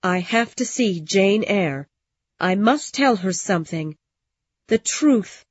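A woman's voice: medium pitch, animated, slow, husky, dry recording. A woman voicing a spiteful dying old aunt. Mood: weak. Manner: hard, accusing, weakening. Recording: dull dry lo-fi recording.

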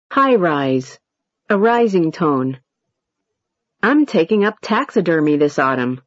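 A woman teaching English intonation, saying short example sentences slowly with deliberate, exaggerated tones. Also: low voice, big pitch swings, no echo. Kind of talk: slow demonstration of intonation patterns. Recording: dull, lo-fi audio.

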